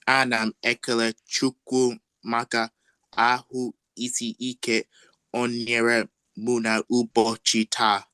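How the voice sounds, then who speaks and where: Man, student, careful hesitant reading, slow, flat, smooth voice, dry sound. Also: mid-range voice, dry recording. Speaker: language student. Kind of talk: reading aloud in class.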